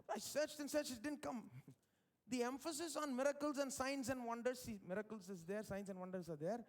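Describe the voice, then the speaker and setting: A male pastor preaching a live church sermon with big swings in pitch and loudness. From India. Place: church service.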